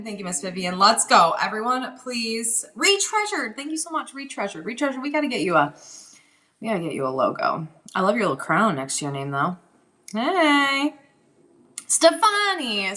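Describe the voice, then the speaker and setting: Woman, live-stream seller host; bright, forceful tone, chatty and teasing, rambles between asides. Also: medium pitch. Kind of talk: casual live-stream chat.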